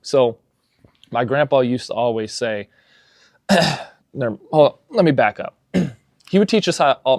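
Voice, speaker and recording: A young adult man talks fitness in a relaxed podcast chat, his voice at an everyday middle pitch. He tells stories with animated energy and gets loud when excited. The sound is dry and close, with no room echo. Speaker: fitness coach.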